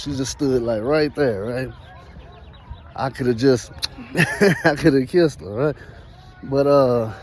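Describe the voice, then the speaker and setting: A man telling a story in a casual vlog, animated and slangy, laughing often as he talks outdoors. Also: medium pitch, a little hiss or hum. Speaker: vlogger.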